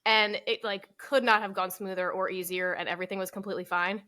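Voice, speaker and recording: A woman's voice: mid-range voice, steady tone, fast talker, sharp tone. A woman co-hosting a casual business podcast, chatty and self-deprecating, laughing often. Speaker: podcast co-host. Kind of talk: casual chat.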